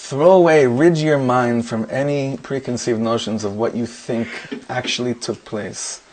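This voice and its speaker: A middle-aged man with a middle-range voice tells a story the way a rabbi warms up his class. He is animated and acts out the dialogue of the people in his tale. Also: mid-range voice. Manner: animated anecdotes with quoted dialogue. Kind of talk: storytelling before a Torah class.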